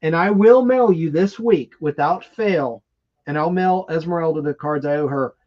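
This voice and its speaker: Excitable man hosting a lo-fi livestream. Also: on the high side, normal speed. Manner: rambling, excitable, reads viewer comments aloud. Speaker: livestream host. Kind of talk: casual live chat and trivia hosting.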